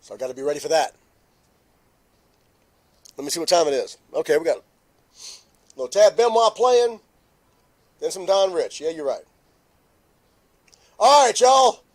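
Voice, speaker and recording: A middle-aged man from hosts a relaxed morning live stream and talks. His voice sits high for a man. He keeps breaking into laughter as he greets viewers by name. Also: normal speed, pauses often.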